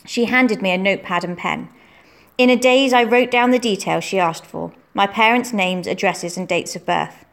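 A woman narrating a storybook in a steady, clear reading voice. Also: mid-range voice, moderate pace.

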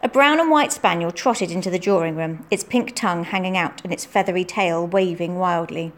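A woman's voice: lowish voice, brisk. Woman reading a story aloud. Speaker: narrator. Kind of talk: storybook narration.

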